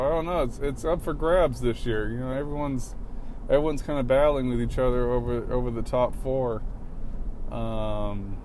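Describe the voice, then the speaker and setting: A young man, hosting a casual solo podcast from his car, rambling with constant profanity and flaring into angry outbursts. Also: medium pitch. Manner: profane rambling, flares into shouting at other drivers. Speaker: podcast host. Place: in a car on city roads. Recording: faint traffic noise from a car.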